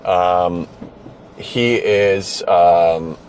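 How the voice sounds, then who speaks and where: Low-voiced man telling a story. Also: very slow, slight background noise. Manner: animated anecdote telling, frequent fillers and restarts. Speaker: host. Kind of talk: casual storytelling chat. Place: car driving through a city.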